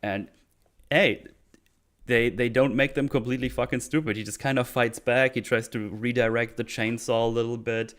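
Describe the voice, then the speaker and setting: A man's voice: medium pitch, steady tone, normal speed, fairly bright tone. A man hosting a casual movie discussion podcast, retelling scenes with acted-out quotes and swearing. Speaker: podcast host.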